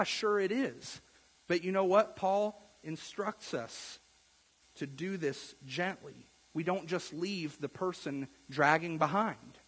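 A man preaching a sermon as a pastor, earnest, getting louder on key points and then dropping soft. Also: sits high, husky. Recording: long echo of a large hall.

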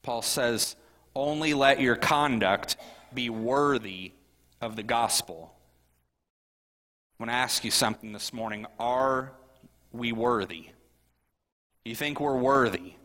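A man's voice: mid-range voice, takes it slowly, long pauses, sharp tone, in a large hall. A middle-aged man, a pastor, preaching a sermon in a conversational way, often asking the congregation questions.

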